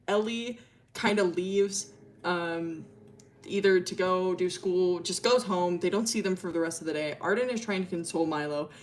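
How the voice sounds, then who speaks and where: A woman's voice: on the low side, a little hiss or hum. A young woman streamer telling a story in a casual, rambling way, giggling often and full of fillers.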